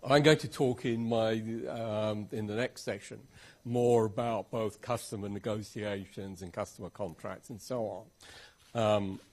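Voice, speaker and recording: A man speaking as a conference panelist, measured and explanatory, who poses rhetorical questions as he makes his point. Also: fairly low pitch, fairly even intonation, darkish tone. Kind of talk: conference Q&A comment. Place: conference hall.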